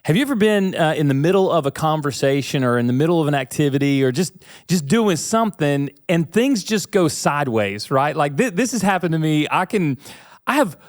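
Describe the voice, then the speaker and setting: A man's voice: on the high side, animated, a little fast, dry recording, studio quality. A man in his thirties hosting a faith and leadership podcast, talking to listeners in an earnest, conversational way and asking them questions. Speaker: podcast host. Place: studio suite with bookshelves.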